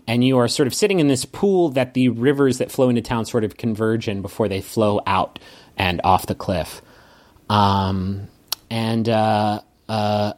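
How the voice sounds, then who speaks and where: A man narrating as a game master, setting scenes with unhurried description. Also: on the low side.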